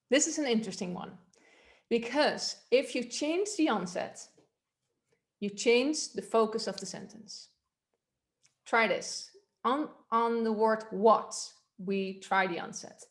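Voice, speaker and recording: A woman's voice: on the high side, slow pace, pauses often. A woman voice coach giving a workshop, explaining techniques in a loose, conversational way and demonstrating them aloud. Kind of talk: workshop instruction.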